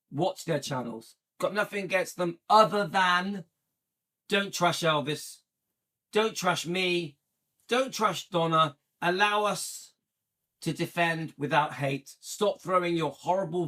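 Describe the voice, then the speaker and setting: A man's voice: fairly high pitch, fairly bright tone. A man hosting his own channel, chatting casually and a bit annoyed as he counts views and reacts to a video, with many restarts. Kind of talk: casual commentary.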